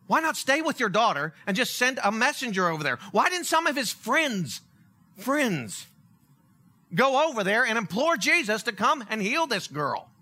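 Male pastor, sermon, animated storyteller: high, lively pitch. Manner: animated storytelling, acts out characters.

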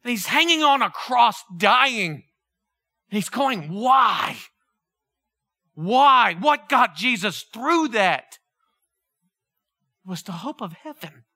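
Impassioned high-voiced male preacher. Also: sing-song, takes it slowly. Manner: impassioned, swinging from loud exclamations to quiet earnest tones. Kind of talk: sermon.

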